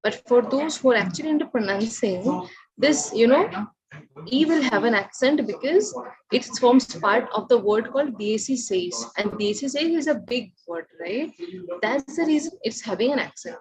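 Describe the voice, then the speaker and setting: A woman teaching a language lesson, her voice a little high. She keeps checking on the students and pressing them to raise their hands, and the noise of a crowd is plain behind her. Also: animated, normal speed, low-quality recording. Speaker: Spanish teacher. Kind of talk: online class lecture. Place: classroom or online class session.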